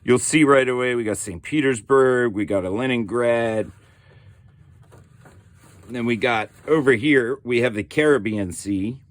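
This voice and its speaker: At a measured pace and medium pitch, a middle-aged man presents a board game on his channel in a casual show-and-tell unboxing. He's laid-back and slangy, leaning on fillers and saying "dude" a lot.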